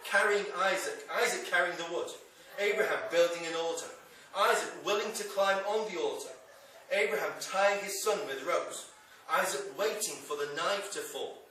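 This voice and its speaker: A high, bright male voice delivers a wry, conversational sermon with dry humor. He is picked up from some distance in a church hall that rings with echo. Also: moderate pace, slight background noise. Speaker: preacher.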